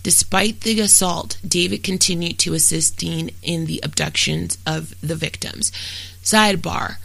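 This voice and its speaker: A true-crime podcast host reads a scripted account in a steady, matter-of-fact way and turns blunt and profane in casual asides. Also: medium pitch, measured pace, creaky, dry recording, low-quality recording.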